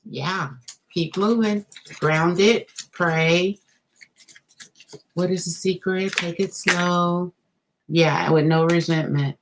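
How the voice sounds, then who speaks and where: A woman's voice: on the low side, slow pace, long pauses, slight background noise, poor audio. A woman giving a live tarot reading, talking straight to the viewer, thinking aloud and reacting with gasps and laughs. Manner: expressive, gasps and laughs as cards turn up. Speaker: tarot reader.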